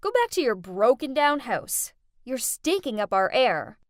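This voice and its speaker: A woman voicing a spoiled, cruel rich teenage girl who yells at people in an animated story. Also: a little high, unhurried, no echo, clean studio sound. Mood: haughty. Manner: haughty, screaming.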